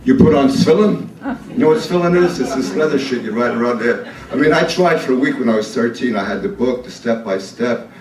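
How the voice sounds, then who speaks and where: A man's voice: mid-range voice, lively intonation, quick pace, a little hiss or hum. Man in his 70s, comic stage monologue, profane, rambling restarts, live club room, faint ambience. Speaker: performance artist. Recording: roomy live club sound, distant mic.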